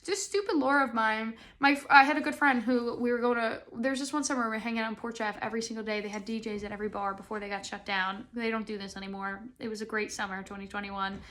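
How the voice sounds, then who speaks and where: A woman in her twenties hosting a casual solo podcast, rambling and self-deprecating, breaking into sudden loud high laughs. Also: steady tone, fast, hardly any pauses. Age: 20s. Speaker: podcast host.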